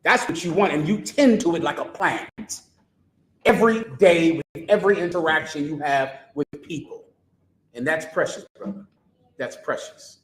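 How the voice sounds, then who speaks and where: A man's voice: a little high, normal speed, echoey room, rough recording. A man preaching a street sermon who talks emphatically and sarcastically, firing rhetorical questions at his listeners.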